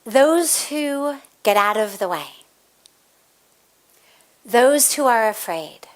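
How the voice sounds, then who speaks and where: Woman teacher giving a satsang, unhurried and kinda high voiced, tells stories. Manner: storytelling, acts out quoted voices; measured, deliberate phrasing. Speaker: spiritual teacher. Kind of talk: evening satsang talk answering questions.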